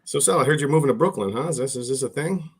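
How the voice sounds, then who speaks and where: A man's voice: medium pitch, lively intonation, racing, slightly rough. A man from New Jersey co-hosting a podcast, ribbing the others in casual, playful banter. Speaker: podcast co-host.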